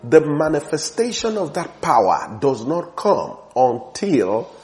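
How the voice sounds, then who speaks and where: A man preaching a sermon with fervent emphasis, slowing down and stretching the words he wants to land. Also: fairly high pitch, sing-song, darkish tone, soft background music.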